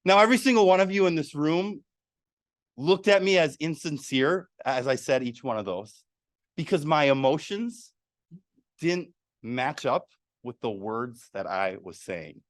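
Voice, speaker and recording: A man's voice: a little high, unhurried, dry recording, studio quality. A man presenting a public speaking workshop to a live room, quizzing the audience as he goes. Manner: animated, asks the audience questions. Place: meeting room.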